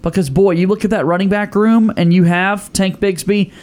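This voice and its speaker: A man hosting a casual sports radio show, upbeat and quick to laugh. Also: high-pitched, steady tone, a little mellow.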